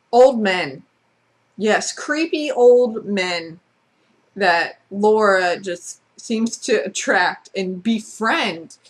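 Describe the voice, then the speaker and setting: A woman vlogger in a casual, sarcastic rant who talks bluntly and swears freely. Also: medium pitch. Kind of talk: casual ranting monologue.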